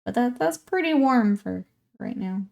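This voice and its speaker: A woman's voice: a little high, animated, a little slow, gravelly, darkish tone. A woman in her twenties chats easily with her livestream viewers as she works on a hobby build. She laughs often and breaks off to greet newcomers. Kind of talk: casual chat with viewers while hobby painting.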